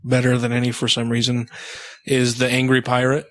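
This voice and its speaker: A man hosts a loose studio podcast at an ordinary middle pitch. He reads definitions aloud in a tone of amused disgust and keeps the talk moving. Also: monotone, brisk, fairly bright tone. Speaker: podcast host. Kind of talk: casual podcast chat.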